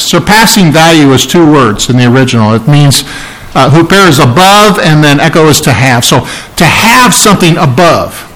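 A man preaching an expository sermon, emphatic and climbing higher in pitch when his delivery gets excited. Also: moderate pace, rough recording. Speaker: pastor.

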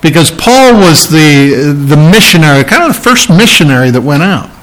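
A man preaching a sermon as pastor, talking in a conversational way with restarts and fillers, reading and explaining Bible verses and rising in pitch for emphasis. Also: very animated, normal speed, a bit bright, low-quality recording.

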